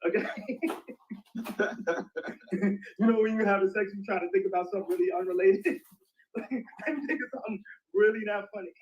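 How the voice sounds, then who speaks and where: A man's voice: high-pitched, fairly even intonation, moderate pace, long pauses. A man telling rambling stories in a casual chat, often breaking into fits of laughter. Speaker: interview guest. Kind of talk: casual storytelling in an online audio chat. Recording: dull lo-fi online audio.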